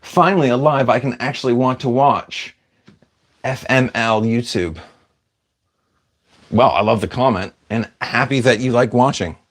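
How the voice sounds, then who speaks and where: A man hosting a casual livestream, reading viewer comments aloud and answering them as he goes. He rambles, trails off mid-thought and pokes fun at himself. His pitch sits at an ordinary middle height. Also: a little slow, pauses often. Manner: chatty, self-deprecating, wanders off mid-sentence.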